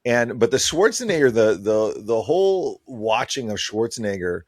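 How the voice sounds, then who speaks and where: Middle aged guy on a podcast, super animated, voice bouncing all over, dry mic. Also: medium pitch, normal speed, no echo. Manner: animated, enthusiastic storyteller. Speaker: podcast guest. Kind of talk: casual chat.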